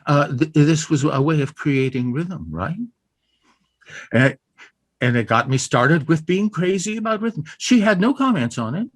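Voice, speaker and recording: Husky, animated male poetry lecturer. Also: a little high. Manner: halting, many fillers and restarts, playful demonstrations. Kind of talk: informal online lecture. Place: home room over video call. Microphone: video call.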